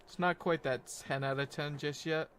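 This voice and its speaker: A man's voice: fairly high pitch, fairly even intonation, normal speed, fairly bright tone, slight background noise. A young man streaming, wrapping up a game session in a rambling, laid-back chat with his viewers, full of fillers and self-corrections.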